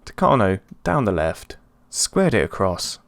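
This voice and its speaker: A man talks through his football management game in a relaxed, chatty way, breaking into excited yelps when something happens. His voice sits low with a gravelly edge. The sound is dry and close, with no room around it. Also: a little slow, dry recording. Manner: excitable, chatty, swings between calm and yelps. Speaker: let's play host. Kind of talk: casual gameplay commentary.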